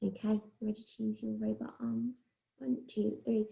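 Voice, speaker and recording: A woman with an English accent, a primary school teacher giving a recorded phonics lesson to young children, speaking slowly and clearly as she sounds out letters. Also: a little high, little pitch movement, mellow. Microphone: recorded video lesson.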